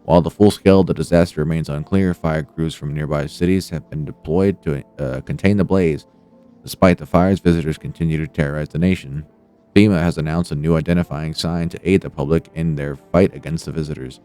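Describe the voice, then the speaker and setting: An emergency news broadcaster, read by a man delivers bulletins briskly in a deep, mellow voice. Faint music plays behind. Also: fairly even intonation, smooth.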